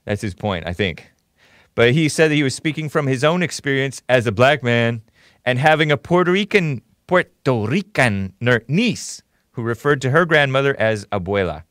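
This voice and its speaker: A man's voice: medium pitch, animated, moderate pace, a bit bright, no echo, studio quality. A man hosting a live call-in commentary show, talking casually and sarcastically as he thanks viewers. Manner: thanks viewers and reads donations aloud.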